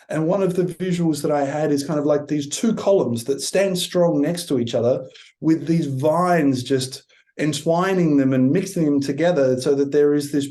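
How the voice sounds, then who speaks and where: Aussie guy on a podcast, kinda high mellow voice, reflective storyteller. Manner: thoughtful, storytelling, unhurried. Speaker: guest, transformational coach.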